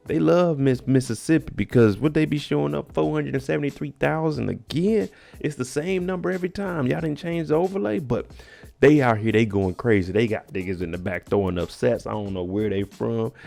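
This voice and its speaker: Gravelly man recapping a TV episode. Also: mid-range voice, warm tone. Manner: slangy, joking, talks straight to viewers. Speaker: TV recap vlogger. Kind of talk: casual show recap commentary.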